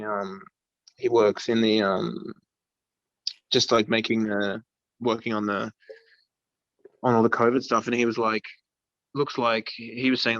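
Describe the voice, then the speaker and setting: Australian male musician guest, casual, bright tone, dull dry call audio. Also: mid-range voice, no room sound. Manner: laid-back, swears casually, rambling with ums. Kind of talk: casual interview chat. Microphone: video call.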